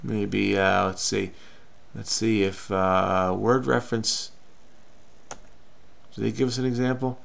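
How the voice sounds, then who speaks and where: A man's voice: on the low side, fairly even intonation, takes it slowly, gravelly, long pauses, a bit bright. A man hosting a crossword-solving video, talking frenetically and muttering to himself as he searches. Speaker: crossword solver. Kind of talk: casual puzzle-solving commentary.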